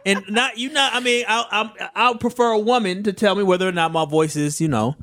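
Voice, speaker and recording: A man from Milwaukee co-hosting a morning radio show, joking around in lively banter. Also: brisk, no room sound, studio quality. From Milwaukee, Wisconsin. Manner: animated, jokey, swings high and low in pitch. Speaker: radio co-host. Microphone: studio microphone.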